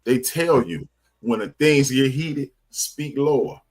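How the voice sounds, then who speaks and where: A middle-aged man co-hosting a podcast, telling stories in casual slang and growing animated when he makes a point. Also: mid-range voice, takes it slowly, husky. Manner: laid-back storytelling with slang, animated when making a point. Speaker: podcast co-host. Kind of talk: casual chat.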